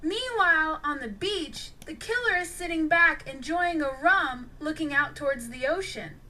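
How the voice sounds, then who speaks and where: Woman narrator for a storybook, high bright voice, unhurried and expressive. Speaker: audiobook narrator.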